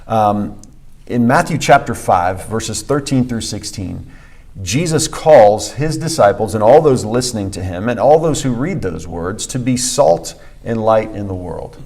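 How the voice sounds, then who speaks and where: A man's voice: fairly low pitch, expressive, unhurried, a little mellow. A man co-hosting a church podcast, teaching conversationally and emphatically, repeating key phrases with frequent fillers. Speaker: pastor and podcast co-host.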